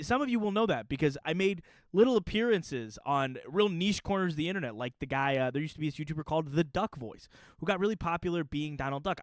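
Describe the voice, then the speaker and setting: A man's voice: a little high, no room sound. A young man telling stories in a casual, joking chat to camera as a puppeteer and YouTuber. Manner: animated, joking, storytelling.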